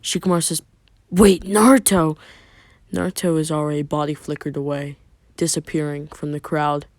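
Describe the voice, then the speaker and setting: A man's voice: on the high side, little pitch movement, brisk, no room sound. A man narrating a fan story in a plain, loosely improvised way with filler asides.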